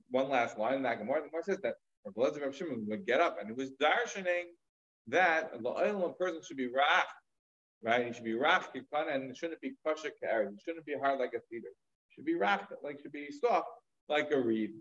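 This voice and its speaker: A man's voice: mid-range voice, expressive, a little fast, fairly bright tone, muffled recording. A man teaching a Talmud lecture, retelling a story in a conversational way with casual fillers and asides. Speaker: rabbi teaching.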